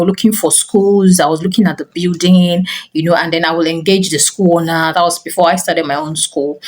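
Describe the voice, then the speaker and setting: This middle-aged woman, who teaches and runs a school, offers parenting advice by recounting a personal story to camera. Her voice sits on the low side; she tells it animatedly with frequent "you know" fillers, and the recording quality is low.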